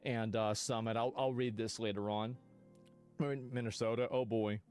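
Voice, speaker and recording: A man streaming live, reacting bluntly to clips with profanity and sudden loud outbursts. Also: mid-range voice, fairly even intonation, normal speed, clear, resonant tone, soft background music.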